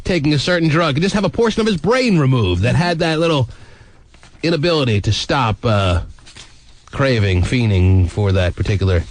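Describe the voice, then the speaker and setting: A man hosting a morning radio talk show, teasing his guests and reading out listener texts in a wisecracking, animated way. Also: medium pitch, moderate pace.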